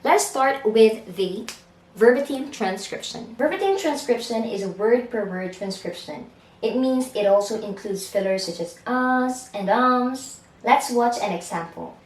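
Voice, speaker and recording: A woman talks through a scripted lesson, upbeat and playful, tossing in quick asides. Her voice sits a little high. The room gives it a roomy echo. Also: animated. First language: Filipino language. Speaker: freelancing tutor. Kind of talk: scripted tutorial narration.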